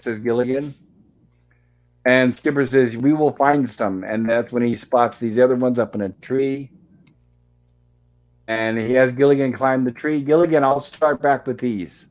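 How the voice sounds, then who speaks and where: A man's voice: medium pitch, unhurried, darkish tone. A man hosting a live stream, chatting casually and reading dialogue aloud with little acting. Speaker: host of a live-streamed show. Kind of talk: casual episode recap, reading lines aloud.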